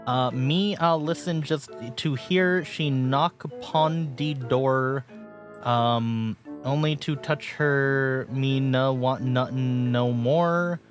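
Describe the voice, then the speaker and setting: A streamer putting on a Jamaican accent to read raunchy reggae lyrics in a flat, sing-song way. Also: mid-range voice, slow, faint music behind, natural voice. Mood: mock Jamaican. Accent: put-on Jamaican. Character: mock reggae singer reading raunchy lyrics.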